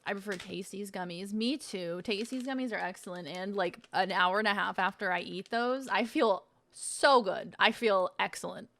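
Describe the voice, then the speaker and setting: A woman's voice: mid-range voice, normal speed, few pauses, fairly bright tone. A woman streams live in an easygoing, chatty voice. She swears freely and plays around while sounding out words from packaging. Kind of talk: casual live-stream chat.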